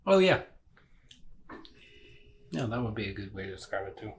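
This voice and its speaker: A man's voice: fairly low pitch, big pitch swings, normal speed, slight background noise. Rambling man reviewing a beer. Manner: rambling, hedging, searching for words. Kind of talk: casual tasting chat.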